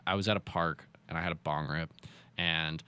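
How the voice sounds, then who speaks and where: A man's voice: a bass voice, fairly even intonation, normal speed, pushed and bright, clear, resonant tone, dry recording. A young man hosting a casual chat, rambling and laughing often.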